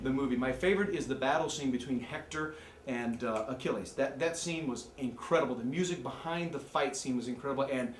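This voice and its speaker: A man giving a joking, excitable movie review rant, from the American Midwest. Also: mid-range voice, brisk, echoey room, a little hiss or hum. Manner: joking, excitable, jumps into mocking voices. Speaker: amateur movie critic.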